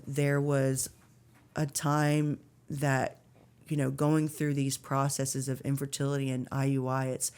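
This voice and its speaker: A woman's voice: very deep voice, a little mellow. Woman telling a heartfelt faith story. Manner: earnest, emotional storytelling with many fillers. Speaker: podcast guest. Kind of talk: personal faith testimony.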